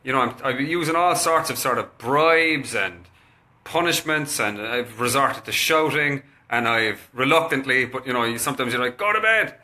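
A man, chatting casually to camera and telling a story in a lively, animated way. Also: medium pitch, moderate pace. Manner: chatty, animated, acts out what he said to his kids. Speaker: kinesiologist recommending a parenting book.

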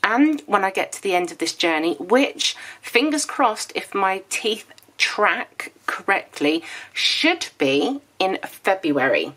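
A woman's voice: medium pitch, big pitch swings, slow, a bit bright. A woman in her thirties chatting casually in a planner vlog, with a slight lisp from dental aligners and a rambling, chatty way of talking. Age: 30s. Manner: chatty and rambling, with small laughs. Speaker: planner vlogger.

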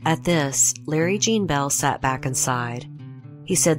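Very low-voiced woman narrating true crime. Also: expressive, faint music behind. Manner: measured, reads quotes in her own voice. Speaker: true crime podcast host.

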